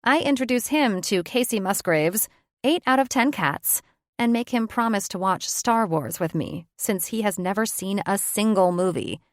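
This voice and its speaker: A woman's voice: mid-range voice, moderate pace, no echo. A woman reads a first-person audiobook in a reflective, conversational way, close to the mic. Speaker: audiobook narrator.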